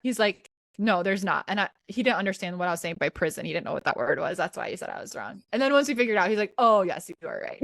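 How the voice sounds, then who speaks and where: A woman's voice: lowish voice, rapid-fire, vocal fry, hardly any pauses, dry recording. Chatty woman podcast host, dry sound. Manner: chatty storyteller, animated quoting, giggly. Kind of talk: casual chat.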